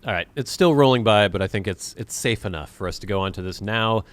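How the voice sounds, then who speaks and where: A man's voice: on the low side, fast talker, no echo. A young man, chatting casually in a vlog, reading quiz questions aloud and musing over how he pronounces words, with playful sarcastic asides. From Pacific Northwest of the USA. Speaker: vlogger.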